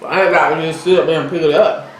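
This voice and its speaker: A woman's voice: low-pitched, fairly even intonation, rapid-fire. A woman co-hosting a casual eating vlog, chatting and talking straight to her viewers. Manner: chatty, addresses viewers directly. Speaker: vlog co-host. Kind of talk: casual mukbang chat. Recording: very echoey room, faint background noise.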